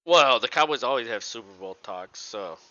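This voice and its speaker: Male podcast co-host, bright and forceful, smooth dry voice, fast profane rants. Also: mid-range voice, no room sound, muffled recording. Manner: animated, profane ranting with mocking voices. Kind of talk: casual sports chat.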